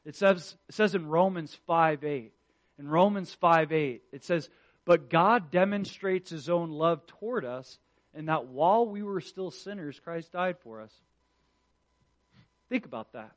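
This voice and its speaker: A man preaching a sermon in an earnest way, moving between loud emphatic lines and hushed ones and often repeating the first words of a phrase. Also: fairly high pitch, measured pace. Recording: dull lo-fi recording.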